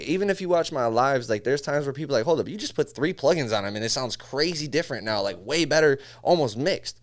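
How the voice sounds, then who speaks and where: A man speaks fast at a medium pitch, with hardly any pauses, as a guest in a casual podcast conversation. He's a music engineer from Syracuse, upstate New York, who animatedly acts out studio exchanges and says "bro" frequently.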